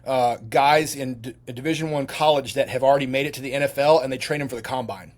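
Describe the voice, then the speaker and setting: A man's voice: mid-range voice, fairly even intonation, fast talker. A middle-aged man, a retired soldier, telling long rambling stories as a podcast guest, with many restarts and fillers. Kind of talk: casual storytelling.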